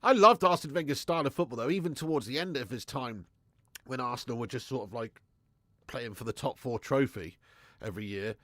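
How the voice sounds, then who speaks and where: A man hosting a live football chat stream, reading out viewers' comments in a chatty way, laughing often and swinging from loud shout-outs to low mutters. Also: brisk, no room sound. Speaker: football channel host on livestream.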